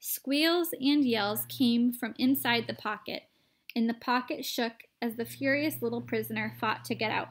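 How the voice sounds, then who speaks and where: A woman reading a children's book aloud in a lively storytelling manner with playful asides. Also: fairly high pitch, unhurried, a little hiss or hum. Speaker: reader.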